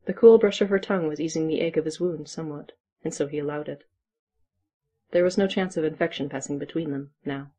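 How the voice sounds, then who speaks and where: A narrator reading a story aloud in a steady, even way. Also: mid-range voice, brisk.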